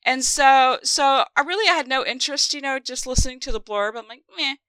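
A woman co-hosting a podcast, chatting casually as an animated storyteller. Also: high voice, a little fast, clean tone, no room sound. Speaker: podcast co-host. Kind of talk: casual podcast chat about a book.

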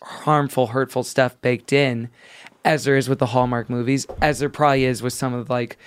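A man's voice: mid-range voice, steady tone, normal speed, smooth. A man co-hosting a podcast in casual chat, rambling and hedging his thoughts with lots of "like" on a close studio mic. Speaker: podcast co-host.

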